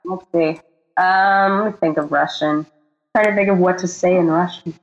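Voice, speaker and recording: A woman's voice: lowish voice, steady tone, normal speed, highs cut off. A woman from Texas, an actress and producer, chatting as an interview guest, friendly and a bit hesitant with fillers. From Texas, USA. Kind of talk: casual interview chat.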